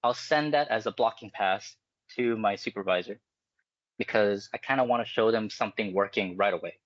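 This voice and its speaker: A man's voice: lowish voice, normal speed, dry recording, lo-fi sound. A man, a game animator, talking casually in an interview, explaining his process with many fillers and restarts. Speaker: animator guest.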